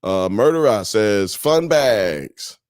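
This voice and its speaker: A man's voice: on the low side, expressive, takes it slowly, no echo, studio quality. A man from the US South and Midwest hosting a live show, casually reading chat comments aloud and riffing on them. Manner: laid-back, reads chat comments aloud and riffs on them.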